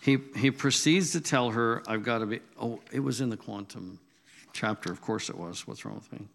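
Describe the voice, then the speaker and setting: A man preaching a sermon in an animated storytelling manner, his voice rising loud when he makes a point. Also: medium pitch, normal speed, creaky.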